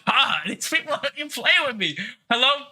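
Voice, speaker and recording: A man's voice: very high-pitched, sharp tone. A man hosting a live online Q&A in a brash, joking way, swearing casually as he talks. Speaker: host of a live Q&A.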